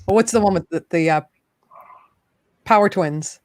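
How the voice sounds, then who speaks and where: A woman's voice: lowish voice, normal speed, darkish tone, no room sound, clean studio sound. A woman hosting a casual livestream chat, talking loosely, trailing off and laughing often. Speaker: livestream host.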